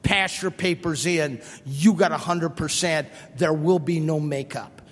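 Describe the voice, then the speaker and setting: A man voicing a stern female schoolteacher who speaks flatly and deliberately, in a long hall reverb. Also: on the high side, voice pushed down.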